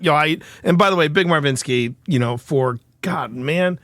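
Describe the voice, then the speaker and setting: A man hosting a live stream in casual chat with viewers, excitable and quick to laugh and shout. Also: fairly high pitch, slight background noise. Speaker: livestream host.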